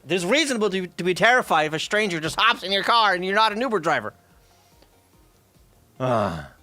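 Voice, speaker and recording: A man's voice: high voice, animated, very fast, bright, forceful tone, no room sound, faint music behind. A man streaming, telling a rambling workplace story in casual chat, full of profanity, fillers and asides.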